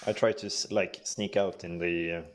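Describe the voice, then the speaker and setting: Deep-voiced hesitant male player. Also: fairly even intonation, background noise. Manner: halting, hesitant. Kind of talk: playing a tabletop game.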